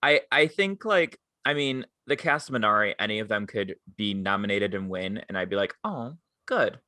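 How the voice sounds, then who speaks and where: A man's voice: lowish voice, brisk, dry recording, studio quality. A young man co-hosting a podcast, telling stories in casual chat and acting out the people he quotes. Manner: animated storytelling, quotes people with voices. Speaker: podcast co-host.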